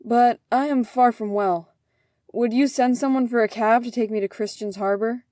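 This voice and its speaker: A woman voicing a fussy, indignant older male official who complains loudly. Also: on the high side, steady tone, normal speed, no echo, studio quality, close to an everyday voice. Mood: sick, plaintive. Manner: huffy and complaining.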